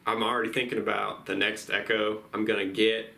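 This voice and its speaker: A man's voice: fairly low pitch, flat delivery, a little fast, gravelly, pushed and bright, reverberant. A man hosting a duck hunting vlog, talking in a laid-back, rambling way with lots of "you know" fillers. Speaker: duck hunting channel host. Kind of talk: casual vlog talk.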